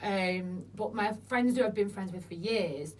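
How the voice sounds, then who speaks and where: A woman's voice: medium pitch, a little slow. A woman guest telling frank stories, swearing freely and acting out what people said. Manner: chatty, swears freely, acts out quotes. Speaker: interview guest. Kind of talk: frank casual chat. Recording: distant mic with faint noise.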